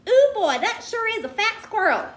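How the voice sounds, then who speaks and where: A woman's voice: very high voice, sing-song, normal speed, a bit bright, voice pushed up, full character voice. A woman reading aloud and voicing a small country boy, the shy younger brother. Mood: excited. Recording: roomy echo.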